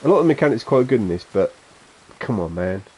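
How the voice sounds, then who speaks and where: A man's voice: medium pitch, big pitch swings, quick pace, dark tone, breathy edge. A man with a Suffolk accent chatting casually and rambling as he streams a game, chuckling to himself. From England. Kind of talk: casual gameplay chat.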